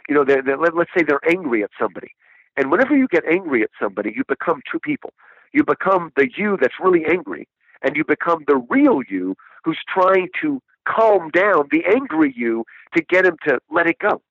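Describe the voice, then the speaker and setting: His voice is fairly high, sing-song and a bit bright with a breathy edge, moving fairly quickly as this man enthusiastically talks about a book as a guest. Rhetorical questions and repeated "right?"s mark his speech, captured in a dull, dry lo-fi recording.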